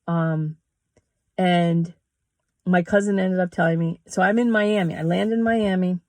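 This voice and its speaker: A woman's voice: fairly low pitch, steady tone, unhurried, darkish tone, no echo. A middle-aged woman telling a personal story, candid and emotional, swearing and laughing between lines. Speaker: yoga teacher and vlogger.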